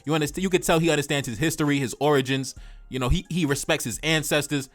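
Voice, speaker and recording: A man hosting a casual reaction video, talking in animated slang and repeating phrases for emphasis. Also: on the high side, quick pace, soft background music. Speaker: YouTube reaction host.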